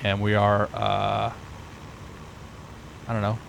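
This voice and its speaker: A man's voice: fairly low pitch, monotone, slow, creaky, fairly bright tone, slight background noise, poor audio. A man streaming a flight simulator, chatting casually with viewers and thinking aloud.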